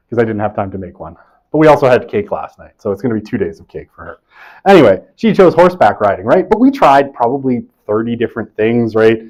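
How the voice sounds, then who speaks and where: A man's voice: fairly low pitch, low-quality recording. A man in his forties giving a conversational university lecture in a classroom, often checking in with "right?" and adding self-deprecating jokes.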